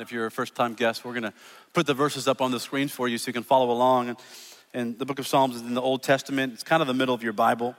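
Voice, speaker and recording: In a church auditorium with long hall reverb, a pastor with a mid-range voice preaches a sermon earnestly. He repeats words and goes soft when reading scripture.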